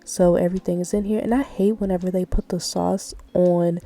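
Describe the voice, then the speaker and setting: Young mom vlogger, casual and talky, lowish voice, phone mic. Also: female voice, fairly even intonation, fairly quick, warm tone, low-quality recording. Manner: chatty, peppered with "like" and "y'all". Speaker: vlogger and mother. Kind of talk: casual vlog chat.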